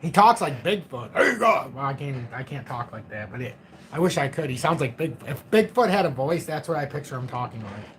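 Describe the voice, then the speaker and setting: A man's voice: mid-range voice, sing-song, fairly quick, a bit bright, a little hiss or hum. A man in his forties hosting a crypto livestream, chatting casually in a rambling, joking, self-mocking way. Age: 40s.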